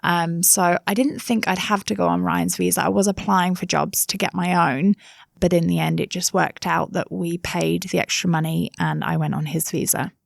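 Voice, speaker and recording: Thirties woman, Somerset English accent, gravelly edge, relaxed chatty guest. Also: lowish voice, normal speed, dry recording, clean studio sound. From England. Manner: chatty, with many fillers and asides. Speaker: interview guest. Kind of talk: casual interview chat.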